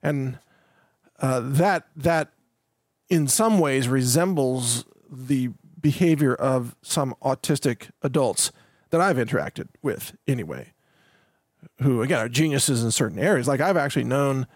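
A man's voice: medium pitch, a little slow, no room sound, clean studio sound. A man hosting a solo podcast in a casual, rambling way, often repeating words, restarting sentences and chuckling between points. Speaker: podcast host.

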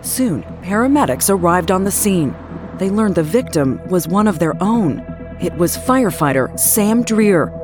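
A woman giving measured, dramatic scripted narration for a true-crime program. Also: lowish voice, animated. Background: music.

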